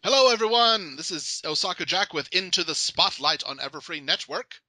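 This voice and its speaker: A man's voice: high-pitched, animated, brisk, sharp tone, dry recording, low-quality recording. A man hosting a casual podcast interview, joking around and laughing often. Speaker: podcast host.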